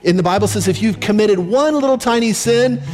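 A man preaching a sermon as a pastor, conversational and slowing down on key points. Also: high-pitched, a little mellow. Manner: conversational preaching, slows down for emphasis. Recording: long reverb from a large hall. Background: faint music.

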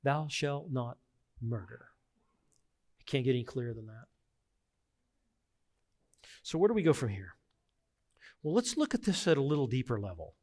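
The pastor, a middle-aged man with a mid-range voice, preaches earnestly and with emphasis. His sermon alternates between hushed contemplation and forceful urging.

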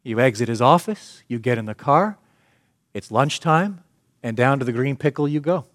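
A man preaching a sermon, telling a story and building to loud, emphatic peaks. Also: medium pitch, expressive, moderate pace, no echo, studio quality. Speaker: pastor.

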